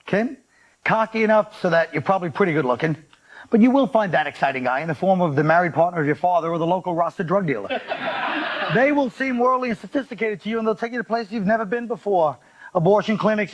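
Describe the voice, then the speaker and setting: A man's voice: high voice, a little hiss or hum. A man hosting a comic panel show, reading viewer letters aloud and answering them with sarcastic jokes. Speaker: talk show host. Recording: dull lo-fi TV recording.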